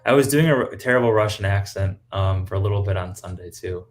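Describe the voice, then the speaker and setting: A man's voice: deep voice, fast. A man speaking as a guest on a podcast in casual, chatty talk full of fillers. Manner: chatty, laughs often, many fillers. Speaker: guest cosplayer.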